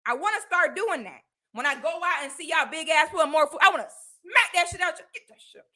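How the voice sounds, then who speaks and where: A woman's voice: high voice, sharp tone. A young woman from Florida, ranting profanely and animatedly on a livestream. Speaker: streamer.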